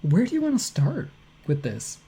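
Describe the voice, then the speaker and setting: A man co-hosting a casual podcast chat, talking in an animated way and reading tweets aloud in his own voice. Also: sits high, normal speed, husky. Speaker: podcast co-host.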